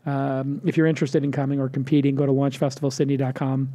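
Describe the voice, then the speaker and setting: A man's voice: medium pitch, little pitch movement, quick pace, mellow. A man hosting a casual roundtable show, talking in an upbeat, promotional way and cracking jokes. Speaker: podcast host.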